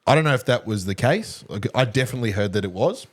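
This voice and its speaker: A young man on a casual podcast, relaxed, swearing now and then and chuckling. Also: mid-range voice, quick pace. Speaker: podcast co-host. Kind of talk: casual chat.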